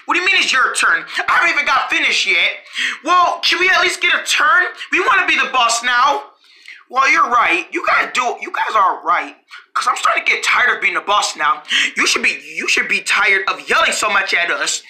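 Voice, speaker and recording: Using a bright, forceful mid-range voice with big pitch swings at a normal speed, a storyteller plays out a playful, bossy exchange between several characters. The improvised scene has them changing voices for each role.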